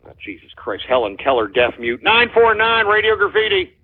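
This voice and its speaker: A man's voice: high voice, sing-song, moderate pace, slightly rough. A Texan man hosting a call-in radio show, brash and combative with callers. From Texas. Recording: muffled, phone-like radio stream.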